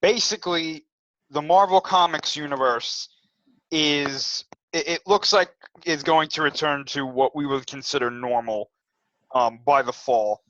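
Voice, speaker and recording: A man co-hosting a casual podcast, talking things through in a measured way with frequent fillers and reading from an article. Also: a little high, fairly bright tone, dry recording, lo-fi sound. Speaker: podcast co-host. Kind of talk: casual chat.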